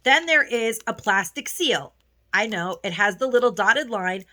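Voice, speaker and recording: This beauty vlogger's voice is a little high, animated and sharp, and she speaks unhurriedly. Chatting casually at home, she gushes over lipsticks in her haul video, frequently starting sentences over.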